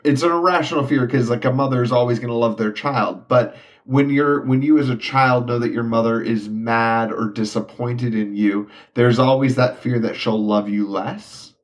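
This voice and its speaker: A man's voice: medium pitch, normal speed, few pauses. Thoughtful man on a podcast. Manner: reflective, analytical, uses clinical terms. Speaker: podcast host. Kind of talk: casual podcast chat.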